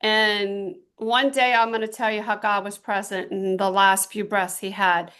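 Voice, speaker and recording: A middle-aged woman giving a motivational talk to a small group, telling stories with emphatic, drawn-out stresses. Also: mid-range voice, little pitch movement, fairly bright tone, smooth. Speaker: team trainer.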